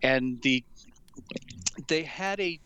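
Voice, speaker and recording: Male co-host from Boston, dry wry humor, smooth voice, dead-dry sound. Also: mid-range voice, slow pace, sharp tone, no room sound, lo-fi sound. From Boston area. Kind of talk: casual chat.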